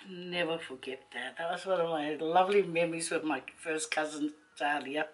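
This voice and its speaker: A woman, a vlogger telling a rambling personal story to camera, chatty and quick to laugh. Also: low-pitched, rough recording.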